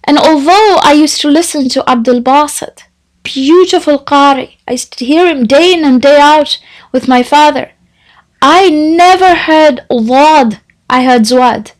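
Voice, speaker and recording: A woman Quran teacher giving a measured, reflective religious talk with a retold story. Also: sits high, low-quality recording.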